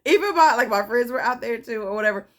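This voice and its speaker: A woman's voice: on the high side, quick pace. A woman vlogger casually telling a personal story, acting out what others said and laughing as she goes. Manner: animated, laughing, acting out quotes.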